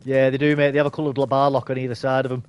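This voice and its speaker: A man's voice: mid-range voice, flat delivery, very fast, clean tone, highs cut off. A man in casual voice chat while gaming, joking around and laughing often. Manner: jokey, laughs often, says mate a lot. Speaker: gamer in voice chat.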